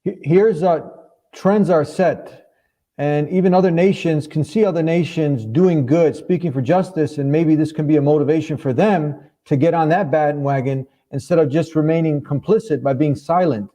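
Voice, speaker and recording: A man's voice: on the high side, moderate pace, mellow. A man hosting an interview, conversational and affirming as he asks for his guest's take. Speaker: host. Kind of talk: interview questions.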